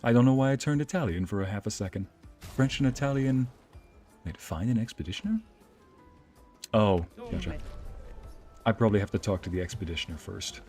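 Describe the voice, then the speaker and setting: A man's voice: lowish voice, a little fast, pauses often, a little mellow, soft background music. A man streaming a let's play, commenting playfully, joking and reading game dialogue aloud. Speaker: VTuber streamer and narrator.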